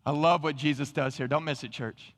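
Pastor, sermon, high gravelly voice, long church reverb. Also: male voice, brisk. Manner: animated, calls on the congregation. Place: church sanctuary.

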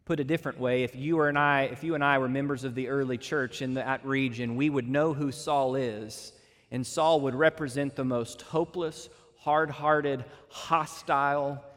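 A man's voice: fairly high pitch, sharp tone. A male pastor preaching an expository sermon, emphatic and stretching key words for weight. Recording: long reverb of a large hall.

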